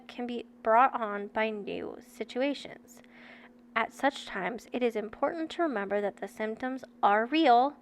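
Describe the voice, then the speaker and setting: Candid woman in her thirties, higher voice. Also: a little hiss or hum. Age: 30s. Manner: candid and chatty, addressing viewers directly. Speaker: adoptee reading a book aloud to viewers. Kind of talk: book reading with personal asides.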